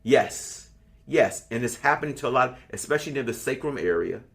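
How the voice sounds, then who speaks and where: A man in his sixties leads an online spiritual class, speaking casually and bluntly and swearing freely as he tells stories. His medium-pitched voice is animated and creaky, at a moderate pace.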